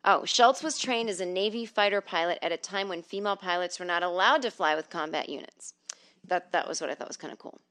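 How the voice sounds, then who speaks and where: A middle-aged woman talks through her solo comedy podcast from home, her voice sitting a little low for a woman. She reads out stories and listener mail, then breaks in with sarcastic, profane comments. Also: fairly quick. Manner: profane, sarcastic, animated storytelling.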